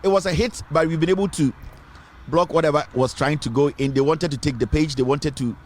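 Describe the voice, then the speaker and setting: Talking a little fast, this online news host uses a fairly high-pitched voice with a darkish tone and a Ghanaian English accent. He comments on politics emphatically, repeating phrases and switching between English and Twi.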